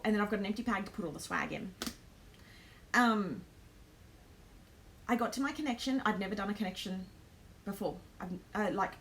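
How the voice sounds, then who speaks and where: A woman's voice: medium pitch, a little hiss or hum. An Australian woman hosting a live stream, telling a travel story in a chatty way, with lots of ums and nervous laughs.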